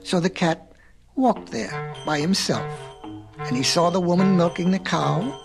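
A man reads a storybook aloud with a gravelly voice pitched a little high. He lingers on each repeated phrase in a slow, rhythmic telling. Soft music plays underneath. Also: low-quality recording. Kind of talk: storybook reading.

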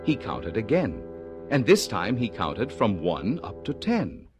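A man narrating a rhyming storybook in a lively, playful storytelling manner. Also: on the low side, unhurried. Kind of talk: storybook reading in rhyme. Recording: music playing behind.

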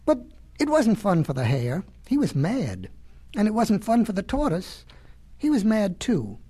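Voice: medium pitch, sing-song, measured pace, dark tone, husky. A storyteller reading a children's animal tale in a folksy way, with chatty asides to the listener.

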